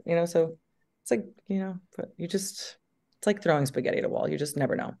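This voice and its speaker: A woman in her thirties with a deep voice, chatting as an interview guest and telling animated stories in which she acts out quotes. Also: fast, vocal fry. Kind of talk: casual interview chat.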